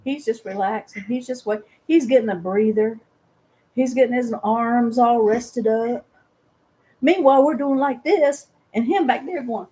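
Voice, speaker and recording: A middle-aged woman with a drawl hosts a relaxed live chat. Her voice sits a little high, and she tells stories with animation, jumping into the voices of the people in them. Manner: animated storyteller who acts out voices. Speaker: host. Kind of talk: casual live-stream storytelling.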